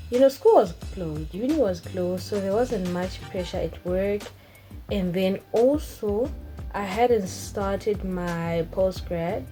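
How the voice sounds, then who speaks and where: Animated woman vlogger. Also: mid-range voice, low-quality recording. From Zimbabwe. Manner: animated, expressive, emphatic. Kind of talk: casual vlog chat.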